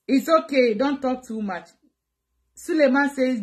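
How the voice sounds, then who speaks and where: A woman with a Ghanaian accent on a live stream, answering viewer comments in an animated, dramatic way and switching between two languages. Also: high voice, moderate pace.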